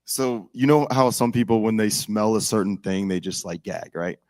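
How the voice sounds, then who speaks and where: A young man with a fairly low voice talks in a loose, rambling way. He fills his sentences with "like" and restarts often, heard close on a dry recording. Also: normal speed, darkish tone, no room sound. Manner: rambling, filler-heavy, many restarts with "like". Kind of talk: casual political chat.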